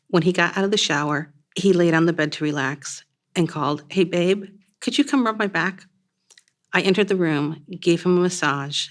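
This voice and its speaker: A woman reading her own first-person story aloud in a measured, plain storytelling manner. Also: low voice.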